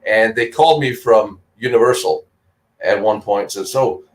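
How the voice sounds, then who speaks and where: A man's voice: on the low side, normal speed, rough recording. A middle-aged man from Denmark, co-hosting a casual live-stream chat, a chatty storyteller who laughs often and acts out the voices of other people.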